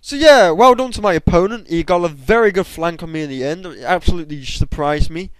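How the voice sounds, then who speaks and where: A young man giving excitable commentary over his own game, bursting into high shouts at times. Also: fast, dry recording, poor audio. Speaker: gamer. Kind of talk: gameplay commentary.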